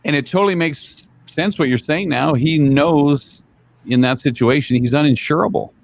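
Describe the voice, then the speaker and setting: A man's voice: a little high, moderate pace, gravelly. A man hosting a podcast, replying in an agreeable, easygoing way. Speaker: podcast host. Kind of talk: podcast conversation.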